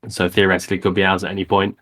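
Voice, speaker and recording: Brief: deep male co-host, casual, thinks aloud as he talks football. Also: completely flat delivery, very fast, fairly bright tone. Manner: conversational, thinks aloud with repeated starts. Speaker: podcast co-host. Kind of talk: casual football podcast chat.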